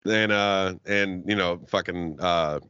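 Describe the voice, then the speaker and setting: A man of Arab heritage, a guest on a podcast, chats casually while telling a long, profane story and animatedly acting out the quotes. He speaks slowly in a smooth, low-pitched voice, and the podcast audio is dull, dry and lo-fi.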